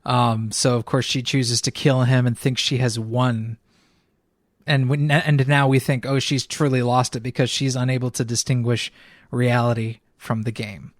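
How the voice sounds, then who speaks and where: A man's voice: mid-range voice, flat delivery, normal speed, no room sound. A man co-hosting a film review podcast, chatting casually with wry, joking asides. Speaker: podcast co-host.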